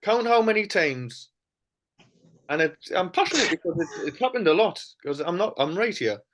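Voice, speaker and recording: A man's voice: sits high, very animated, moderate pace, a bit bright. A man with a Geordie accent co-hosting a podcast, chatting casually, passionate and swearing freely. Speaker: podcast co-host. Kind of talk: casual chat.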